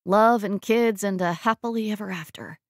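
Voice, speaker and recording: A woman voicing a heartbroken, bitter young woman with a choked, hoarse delivery in an audiobook. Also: mid-range voice, moderate pace, no room sound, clean studio sound, close to an everyday voice.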